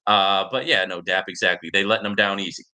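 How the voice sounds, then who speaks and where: Hosting a laid-back livestream, a man responds to viewer comments in a low, fast voice that sounds pushed and bright. He rambles, peppering his points with filler words and a questioning "right?"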